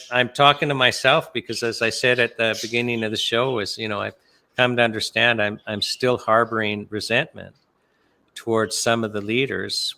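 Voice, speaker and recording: A man retells a parable with earnest, lively storytelling. His voice has a gravelly rasp and a bright edge. He talks at an ordinary middle pitch. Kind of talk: retelling a Bible parable on a talk show.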